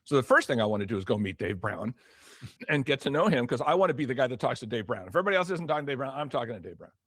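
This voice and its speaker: A man's voice: mid-range voice, rapid-fire, no echo, clean studio sound. An older man, a former record promotion executive, telling stories as an interview guest, acting out dialogue with many restarts. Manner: animated storyteller, acts out quoted dialogue, many restarts. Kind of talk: storytelling interview talk.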